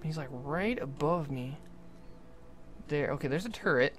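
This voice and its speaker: A young adult livestreamer giving jokey, excitable commentary while playing, often talking to the game's characters. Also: mid-range voice, unhurried, soft background music. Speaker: gaming livestreamer. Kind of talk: live gameplay commentary.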